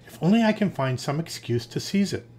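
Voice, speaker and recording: A man doing a gruff, bullying storybook wolf. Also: fairly high pitch, lively intonation, brisk, darkish tone, a little hiss or hum. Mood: demanding. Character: hungry bullying male wolf.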